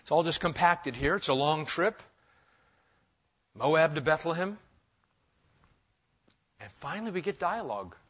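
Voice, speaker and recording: A male pastor works through the text in a casual, conversational sermon with joking asides. His voice sits a little high and sounds bright and forward. The recording is dull and lo-fi. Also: animated, unhurried, pauses often, breathy edge. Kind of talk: expository sermon.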